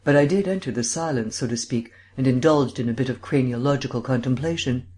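A man's voice: medium pitch, a little fast, warm tone, natural voice. Audiobook: male narrator as a languid, learned sleuth who lectures at length, mannered drawl. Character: languid erudite male amateur detective. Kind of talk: audiobook character reading.

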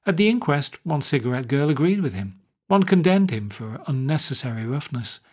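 A man's voice: medium pitch, big pitch swings, moderate pace, darkish tone. Man narrating a wry short story. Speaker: audiobook narrator. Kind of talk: scripted narration.

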